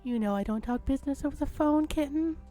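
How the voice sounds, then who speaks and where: A woman voicing a smug, teasing male fae with a smooth, cultured voice, reading game dialogue aloud. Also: high voice, mellow, faint music behind, natural voice. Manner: teasing, drawn-out and amused.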